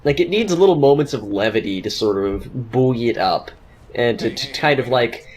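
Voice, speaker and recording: A man's voice: mid-range voice, expressive, normal speed, slightly rough. A man co-hosting a casual video game commentary, talking in rambling sentences full of restarts. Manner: rambling, many restarts while forming points. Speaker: co-host of a game commentary show. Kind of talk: casual gaming commentary chat.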